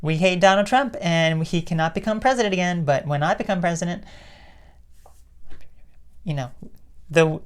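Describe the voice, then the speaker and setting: A woman's voice: low-pitched, a little mellow. A woman giving her opinions in a casual vlog. She rambles, restarts her sentences often and laughs to herself. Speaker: political commentary vlogger.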